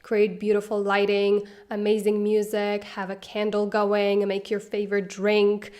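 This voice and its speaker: A woman's voice: mid-range voice, monotone, measured pace, darkish tone. A young woman in her twenties giving casual self-help advice to camera, chatty and upbeat, laughing often. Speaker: self-help video creator.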